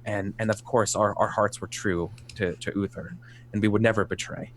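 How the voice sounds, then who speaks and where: A man playing a young knight who earnestly pleads his loyalty in a halting, rambling way during a tabletop role-play game. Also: on the low side, fairly even intonation, slight background noise, close to an everyday voice.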